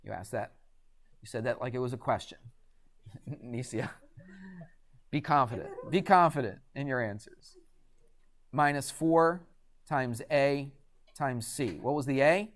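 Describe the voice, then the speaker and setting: A man's voice: medium pitch, unhurried, long pauses. A man teaching a math class in a classroom, chatty and quizzing students with frequent questions. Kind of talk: classroom lecture.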